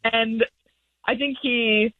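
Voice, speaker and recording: A female caller sharing her opinion in a relaxed, chatty way. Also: a little high, slow pace, no room sound. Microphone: phone. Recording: tinny phone line.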